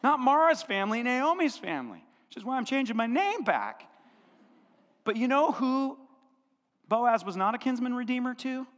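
A male pastor with a high-pitched voice delivers a lively sermon, voicing the characters in his story as he goes. The sound carries a long reverb from the church hall around him. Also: moderate pace. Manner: animated storytelling, acting out biblical characters' lines. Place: church sanctuary.

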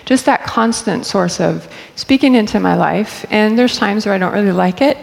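A woman's voice: medium pitch, moderate pace, gravelly. A middle-aged woman on church staff telling personal stories in a candid, chatty way, laughing often. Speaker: church staff member speaking. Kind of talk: personal storytelling talk. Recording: long hall reverb.

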